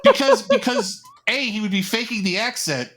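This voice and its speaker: A man co-hosting a casual podcast who rambles, stacking up repeated words before landing his point. His voice is bright and jumps around in pitch. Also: wildly swooping pitch, moderate pace, slight background noise. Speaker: podcast co-host. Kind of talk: casual chat.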